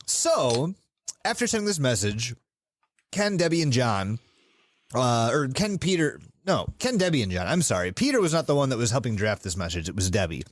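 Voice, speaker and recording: A man's voice: medium pitch, sing-song, normal speed, no room sound, clean studio sound. Laughing man telling a story. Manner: laughing, self-correcting, profane. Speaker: podcast co-host, storyteller. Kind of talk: casual comedic storytelling.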